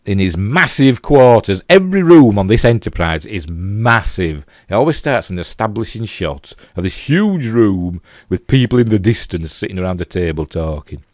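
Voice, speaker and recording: A man's voice: lowish voice, very animated, moderate pace, few pauses, darkish tone, no echo, clean studio sound. A man with a Yorkshire accent reviewing a TV episode in a loose, rambling way, full of "you know" and restarts. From Yorkshire, England. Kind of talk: casual spoken review.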